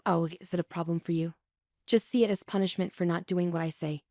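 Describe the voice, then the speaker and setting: A woman's voice: on the low side, steady tone, fairly quick, a little mellow, dry recording, studio quality, close to an everyday voice. A woman reading as a smug scheming mother-in-law. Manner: smug, mocking.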